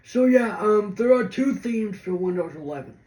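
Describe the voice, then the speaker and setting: This tech video host has a high, slightly mellow voice with lively intonation and talks at normal speed. Sitting indoors at a computer, he gives a casual screen-reader walkthrough, rambling hesitantly with many restarts, in a roomy room with faint noise.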